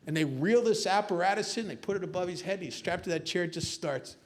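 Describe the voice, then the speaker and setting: A man's voice: high-pitched, expressive, brisk, hardly any pauses, a bit bright. A man giving a personal testimony talk at a recovery meeting, earnest and confessional, telling stories with self-mocking humor.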